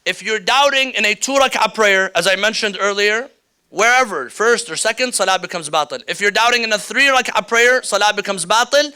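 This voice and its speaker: A man's voice: high-pitched, fairly quick, sharp tone, clean tone. A man teaching a workshop on prayer rules, explaining step by step and repeating the key rulings. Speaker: religious teacher. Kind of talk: workshop lecture. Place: indoor hall or classroom with slides.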